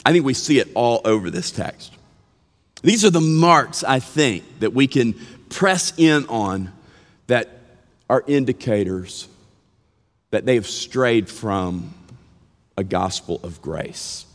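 A man preaching a sermon, his delivery unhurried and earnest as he leans into key words. His pitch rises and falls expressively, and his voice rings out with a long reverb through a church sanctuary. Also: lively intonation. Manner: earnest, drawn-out emphatic phrasing; mimics whiny complaints playfully. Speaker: pastor. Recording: long reverb of a large hall.

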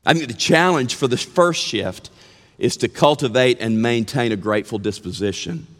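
A man preaching a sermon as a pastor, with earnest, drawn-out emphasis, sometimes mimicking whiny complaints. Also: mid-range voice, fairly bright tone. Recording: long reverb of a large hall.

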